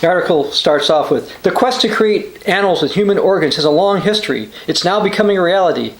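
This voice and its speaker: A man's voice: high voice, lively intonation, quick pace, reverberant, poor audio. A man hosting a religious news channel, giving a short sermon as he reads news quotes and scripture aloud, with the odd "uh" and restart.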